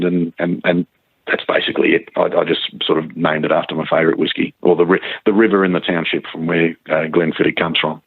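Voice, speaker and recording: A male guitarist chatting in an interview, halting, with many restarts and fillers. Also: deep voice, little pitch movement, husky, no echo. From Australia. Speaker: guitarist guest. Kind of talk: casual interview chat. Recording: tinny phone-like line.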